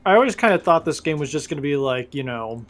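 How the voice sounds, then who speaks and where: A man's voice: a little high, animated, fast, fairly bright tone. A man co-hosting a let's play show, chatting casually with wry, rambling stories. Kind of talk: casual gaming chat.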